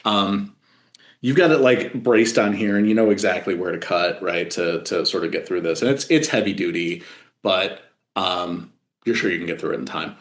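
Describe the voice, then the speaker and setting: A man narrating as game master of a tabletop horror game, halting with many fillers and restarts. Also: sits low, roomy sound.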